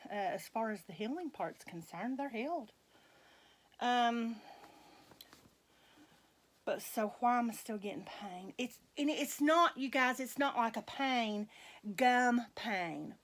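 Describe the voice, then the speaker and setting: This is a middle-aged woman, talking casually to her viewers. Her voice sits a little high. She speaks slowly and loosely, rambling on and laughing often. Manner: slow, chatty, folksy, laughs often. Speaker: vlogger dressing reborn dolls.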